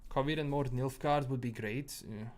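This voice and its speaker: This young Bosnian man streams games and chats loosely with viewers, rambling along with lots of fillers and repetition. His medium-pitched voice is steady and moves at normal speed, with English that mixes British and American sounds under a Bosnian tinge.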